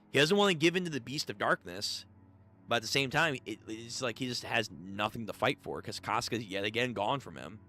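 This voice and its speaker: A man casually commenting and chatting with viewers during a live manga readthrough, slangy and animated. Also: mid-range voice. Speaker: streamer reading manga aloud.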